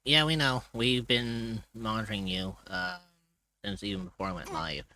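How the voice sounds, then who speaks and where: Tired, rambling man with a bright voice. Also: fairly low pitch, fairly even intonation, normal speed, no room sound. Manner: rambling, loose, swears casually. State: tired and groggy. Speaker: streamer. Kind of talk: casual chat on a live stream.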